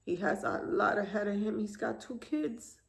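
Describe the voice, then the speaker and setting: Grieving gravelly-voiced mother, soft and halting. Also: mid-range voice, expressive. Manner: soft, halting, tearful retelling with quiet pauses. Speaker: grieving mother telling her story. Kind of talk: emotional personal testimony to camera.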